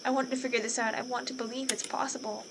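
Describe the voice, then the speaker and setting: Woman reading a desperate young woman begging and saying sorry, kinda high, hissy. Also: flat delivery, fast, close to an everyday voice. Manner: pleading, urgent.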